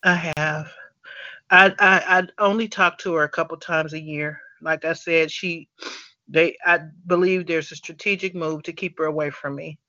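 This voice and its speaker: Earnest halting man, bright tense voice. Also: a little high, steady tone, no room sound, dull audio. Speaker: host of a support conference call. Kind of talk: conference call sharing.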